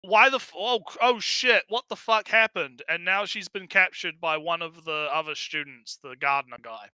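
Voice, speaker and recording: A high, very bright man with a smooth, crisp voice recorded close and dry. He recaps a story in loose stream chat, swearing constantly and laughing as he trips over his words. His energy stays high and eager. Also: normal speed, no room sound. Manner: profane, excitable, laughing, with many fillers. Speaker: co-host of a review stream. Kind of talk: casual plot recap chat.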